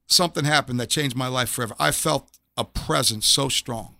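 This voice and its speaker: Gravelly earnest middle-aged man. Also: mid-range voice, fairly quick, pushed and bright, no room sound, studio quality. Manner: earnest, repeats phrases when he gets emotional. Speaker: interview guest, former police officer. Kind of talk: personal faith testimony.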